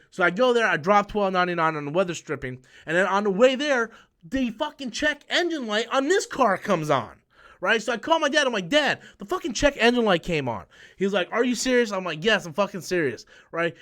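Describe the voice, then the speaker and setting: A young man with a high voice tells a long personal story straight to the camera. He rambles, swears freely and trips over his own restarts, like a casual vlog rant. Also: bright, forceful tone. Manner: profane, rambling, with frequent restarts. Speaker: YouTube channel host.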